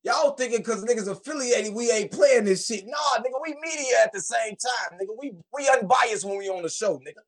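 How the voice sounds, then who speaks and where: High-voiced hyped male stream host. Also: a little fast, few pauses. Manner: hyped, excitable, heavy slang. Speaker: show host reacting to rap tracks. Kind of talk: casual live-stream chat.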